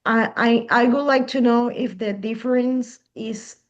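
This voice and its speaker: A woman's voice: on the high side, fairly even intonation, a little slow. Hesitant Spanish-speaking woman, muffled call. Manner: hesitant, repeats words. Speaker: student. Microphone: video call. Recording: muffled video call audio.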